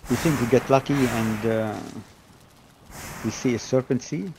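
Guy in the game chat, halting and unsure, lots of noise on his line. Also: mid-range voice. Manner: hesitant, short halting replies. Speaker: gamer on a multiplayer stream. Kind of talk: casual gaming chat.

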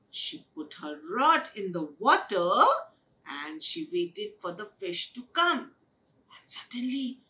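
A woman telling a children's story in an expressive, sing-song way for young listeners in an online session. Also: a little high, distant mic. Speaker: storyteller at a day care. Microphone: online webinar.

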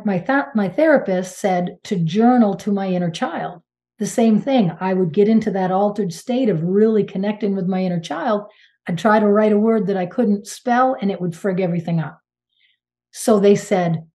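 A woman from Maine in her sixties, a guest medium telling her story in a casual interview, animated and emphatic with exclamations and restarts. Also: medium pitch. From Maine, United States.

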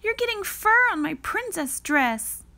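A bossy little girl cast as the princess, scolding in a high, sharp voice, as a woman reads her part aloud. Her lines come out bright and snippy, and they swing up and down a lot. She reads like a character from a children's storybook. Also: sing-song, measured pace, no echo, exaggerated voice.

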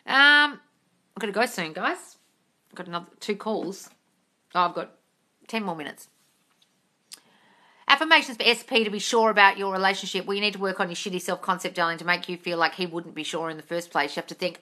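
A woman's voice: medium pitch, brisk, long pauses, sharp tone. A woman with a non-native English accent, coaching manifestation in a casual live-stream Q&A, blunt and sweary, calling viewers darling, speaking from a large open room, slightly congested from the cold. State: runny nose from the cold. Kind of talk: casual live-stream Q&A, reading comments aloud. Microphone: phone livestream.

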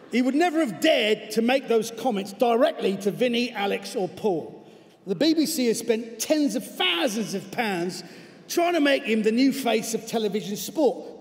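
A man's voice: very high voice, voice pushed up. A man putting on a scornful Cockney football coach. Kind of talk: comic reading of a letter on stage. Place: large theatre hall. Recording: long hall reverb from a stage.

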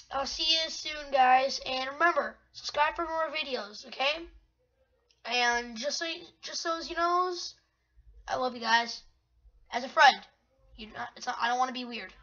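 A high, bright woman's voice rattling off excitable gameplay commentary and chatter to herself. The sound is dull and lo-fi, like a cheap home mic. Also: measured pace, long pauses. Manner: excitable, rambling, talks to self. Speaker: gamer. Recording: dull lo-fi recording.

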